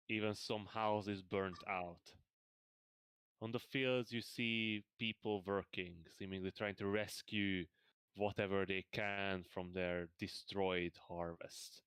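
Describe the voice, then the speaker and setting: A man narrating a tabletop game as game master, slow and halting as he describes the scene. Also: fairly low pitch, fairly bright tone, smooth, no room sound.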